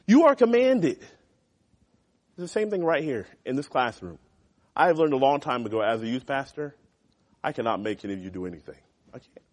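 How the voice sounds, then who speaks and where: Speaking to teens in a church classroom, this male youth pastor preaches conversationally and with energy, moving from loud emphasis to hushed asides. He has a medium pitch, a moderate pace, and takes long pauses.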